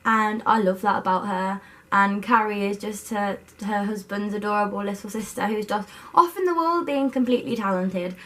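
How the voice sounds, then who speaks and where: In a mid-range, slightly bright voice at a moderate pace, a young woman chats casually about books to a self-positioned camera at her student home. The book vlogger comes across as bubbly and overexcited.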